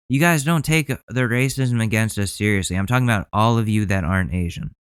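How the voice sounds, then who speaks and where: A man's voice: lowish voice, brisk, few pauses, clear, resonant tone, no room sound. A male podcast host ranting heatedly in profane commentary.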